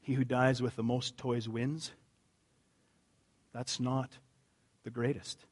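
Husky-voiced male pastor preaching. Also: flat delivery, slow pace. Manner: earnest, conversational, drops low for emphasis. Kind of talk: sermon.

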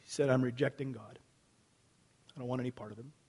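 A man preaching a sermon as a pastor, husky in tone, rising to loud emphatic lines and dropping to hushed, low ones. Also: steady tone, quick pace.

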